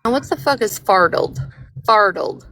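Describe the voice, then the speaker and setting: A woman's voice: medium pitch, expressive, measured pace, sharp tone, no room sound. A woman chatting bluntly beside a live streamer, scolding and swearing casually. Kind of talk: casual chat.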